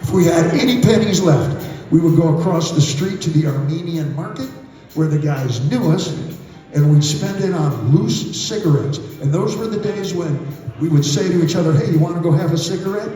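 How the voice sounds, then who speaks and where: A man's voice: fairly high pitch, expressive, normal speed, dark tone. An older man telling profane, theatrical stories between songs on stage at a concert. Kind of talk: onstage storytelling banter. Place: large concert venue. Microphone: handheld stage mic. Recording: echoey live concert audience recording. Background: band music and cheering crowd.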